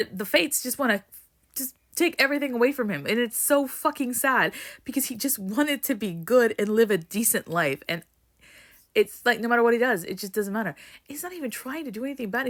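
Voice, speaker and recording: A young book vlogger rants emotionally about a book in a casual video, swearing and rambling with lots of "like." Her voice is on the high side and fairly bright.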